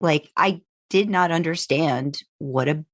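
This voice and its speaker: A woman co-hosting a podcast in a casual chat, playful and quick to laugh, who likes to play with words. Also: deep voice, no echo, clean studio sound. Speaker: podcast co-host.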